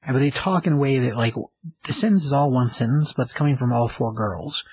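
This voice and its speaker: A man's voice: mid-range voice, fairly quick, husky, no room sound, poor audio. A man casually retelling a TV episode, rambling with lots of fillers. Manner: rambling, filler-heavy, conversational. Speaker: show recapper.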